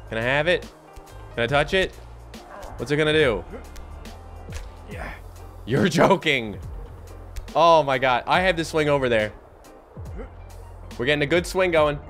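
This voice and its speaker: A man's voice: a little high, a bit bright. A man giving gameplay commentary, self-mocking and chatty, talking to himself and his viewers. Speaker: gaming YouTuber.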